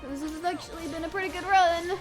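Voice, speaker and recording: A woman streaming a video game live, chatting with viewers and swinging between quiet muttering and excited shrieks. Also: extremely high pitch, fast talker, faint music behind. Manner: chatty, thanks chat viewers by name. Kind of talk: live gameplay commentary.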